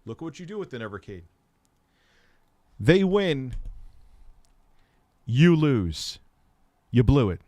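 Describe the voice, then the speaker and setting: A middle-aged man hosting tech commentary, ranting sarcastically with a lot of swearing, swinging from muttering to shouting. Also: mid-range voice, big pitch swings, slow, long pauses, no echo, studio quality.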